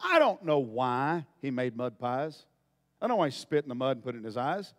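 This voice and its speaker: A man preaching a folksy storytelling sermon, dropping to quiet asides and then bursting into loud shouts. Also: medium pitch, very animated, brisk, in a large hall.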